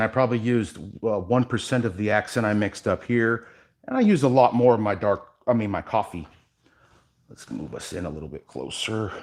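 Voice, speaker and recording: A man hosting a live workshop demo as an epoxy artist, talking casually and addressing viewers directly, sometimes dropping quiet while he works. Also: medium pitch.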